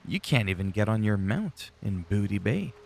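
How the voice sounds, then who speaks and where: Low gravelly man rambling over gameplay. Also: very animated, moderate pace, slight background noise. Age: adult, long-time player. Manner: rambling, chatty, swears freely. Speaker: gaming channel host. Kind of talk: casual gameplay commentary.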